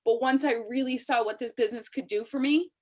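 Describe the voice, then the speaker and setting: A woman's voice: on the high side, a little fast. A woman in her thirties leading a sales team call, giving an emotional, urgent motivational pep talk over a video call. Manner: emotional, urgent, pleading with listeners.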